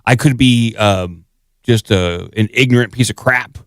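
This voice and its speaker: A man's voice: medium pitch, unhurried, a bit bright, dry recording, studio quality. A man co-hosting a podcast in casual chat, rambling and self-deprecating with many fillers. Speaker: podcast co-host.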